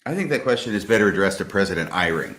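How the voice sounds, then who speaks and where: A man's voice: sits low, animated, rapid-fire, a bit bright, reverberant. A man, an attorney and guest commentator, talking casually with dry, sardonic humor. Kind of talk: casual podcast chat.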